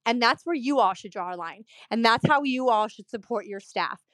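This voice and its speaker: A woman's voice: on the high side, animated, normal speed, a bit bright, no echo. A woman from a dental office telling a story to camera in a chatty, rambling way, full of fillers and emphatic asides. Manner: indignant, emphatic retelling.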